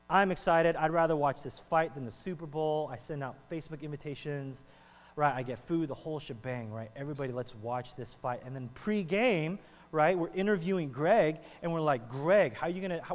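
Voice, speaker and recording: A man preaching a sermon as pastor, animated and conversational, often checking in with the congregation. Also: a little high. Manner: animated, talks to the congregation with frequent "right?". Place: church hall. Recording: reverberant hall with mains hum.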